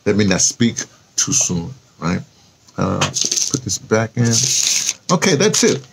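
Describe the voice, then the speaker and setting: A man's voice: fairly low pitch, big pitch swings, slow, vocal fry, noisy background. A man with a New York accent talking casually and rambling to camera in a vlog, thinking aloud as he types a post. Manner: chatty, self-talk while typing a post, spells words aloud. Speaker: vlogger.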